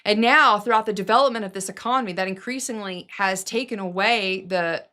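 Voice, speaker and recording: A woman's voice: medium pitch, fairly quick, bright, forceful tone. A middle-aged woman giving casual opinion commentary, emphatic and sarcastic, with mocking asides as she rants. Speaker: political commentary vlogger.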